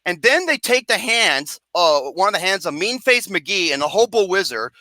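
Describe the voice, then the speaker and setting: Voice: medium pitch, very animated, normal speed, bright, forceful tone, dry recording. A movie reviewer ranting about a film in a comedic, profane way, mocking and sarcastic, swearing constantly and breaking into laughter.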